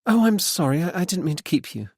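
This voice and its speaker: A man's voice: sits high, lively intonation, quick pace, husky, no echo, clean studio sound, voice pushed up, heavily acted. A man voicing a guarded young woman in an audiobook, raising his voice in clipped, defensive lines.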